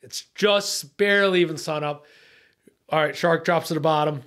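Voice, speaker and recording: A fishing story comes from a middle-aged podcast guest whose voice is slightly high and whose pace is moderate. Talking like a boat captain, he swears freely and reenacts what he said that day, tense and excited, with laughs breaking in during the casual, animated chat.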